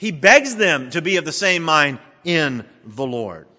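A middle-aged male pastor preaching a sermon in a church, dramatically swinging between emphatic and hushed delivery. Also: on the high side, sing-song, measured pace. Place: church sanctuary. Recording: long reverb of a large church hall.

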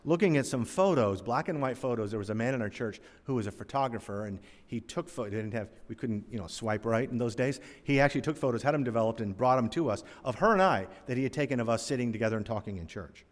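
A man in his sixties preaching a storytelling sermon, his mid-pitched voice ringing with a long reverb through a large hall. He swings between emphatic, louder lines and hushed drops. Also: expressive, quick pace, few pauses. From North Carolina, USA. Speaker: pastor.

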